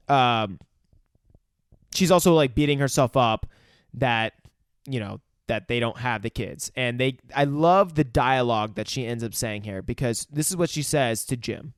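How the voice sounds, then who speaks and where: A man's voice: mid-range voice, smooth, no room sound, studio quality. A man co-hosting a podcast, recapping a film in casual chat and acting out the characters' lines with lots of swearing. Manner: profane, animated, recaps scenes acting out lines. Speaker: podcast co-host. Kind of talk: casual movie review chat.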